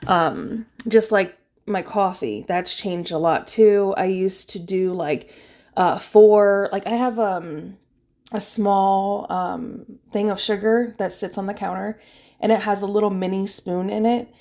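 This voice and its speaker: A woman's voice: medium pitch, unhurried, a little mellow. A young woman talking casually over her meal prep video, chatty and rambling, with frequent fillers and laughs. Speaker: vlogger.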